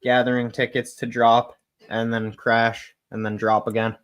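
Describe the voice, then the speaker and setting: A man co-hosting a loose podcast conversation, swearing freely and cracking deadpan jokes. His voice sits at an ordinary middle pitch, and his talk wanders. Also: a little slow, clean tone, dull audio. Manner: profane, joking, forgetful. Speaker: podcast co-host. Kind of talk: casual chat.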